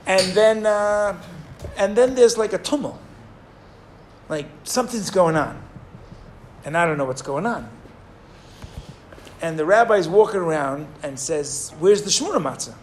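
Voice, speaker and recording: A man teaching a Torah class, telling a story in an animated, digressive way and acting out the people in it. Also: high voice, unhurried, pauses often, slight background noise. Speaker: rabbi teaching.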